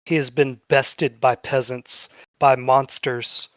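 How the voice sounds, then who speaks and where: A man narrating a tabletop game as game master, casual and swearing freely, slowing down for dramatic moments. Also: medium pitch, level tone, no room sound, clean studio sound.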